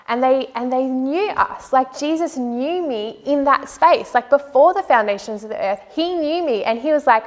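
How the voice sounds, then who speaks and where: A woman with a fairly high voice shares her personal testimony of faith. She speaks in an earnest, heartfelt way and often slips "like" into her sentences. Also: animated, normal speed, few pauses. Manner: earnest and heartfelt, frequent "like" fillers.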